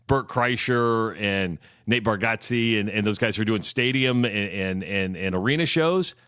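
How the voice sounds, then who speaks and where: A man co-hosting a sports talk radio show, laying out facts and figures in a measured way with some stumbling restarts. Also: on the low side, fairly bright tone, clean tone, no room sound, clean studio sound.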